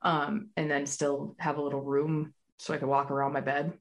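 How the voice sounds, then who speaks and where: A woman's voice: sits low, flat delivery, normal speed. A young adult woman co-hosting a podcast, chatting casually with blunt jokes and frequent giggles. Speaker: podcast co-host. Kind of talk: casual chat.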